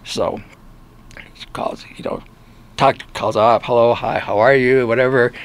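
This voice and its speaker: An older man with a Michigan accent tells stories from his reporting days in an unhurried, chatty way. He slips into quoted voices and jumps in pitch as he acts them out, and he restarts sentences often. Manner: animated storyteller who acts out quoted voices. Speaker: interview guest, former newspaper reporter. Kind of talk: casual storytelling in an interview.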